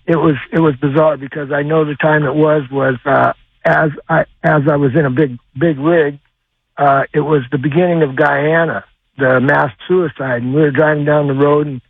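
An older man tells a long, rambling story over a tinny phone line, stopping often to hunt for words. His voice sits a bit high for a man. The sound is dry, with no room around it. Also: fairly even intonation, creaky, breathy edge, no room sound. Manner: rambling, halting with many uhs. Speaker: caller. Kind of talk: call-in radio story.

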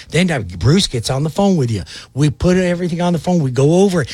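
A man giving a brash, folksy, rapid-fire sales pitch as a loan officer, acting out little phone calls. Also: sing-song, darkish tone, slightly rough, no echo. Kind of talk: direct-to-camera sales pitch.

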